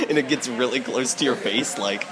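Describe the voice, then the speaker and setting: Laid-back man running a tabletop game. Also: medium pitch. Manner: loose and casual, laughs often. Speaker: game master.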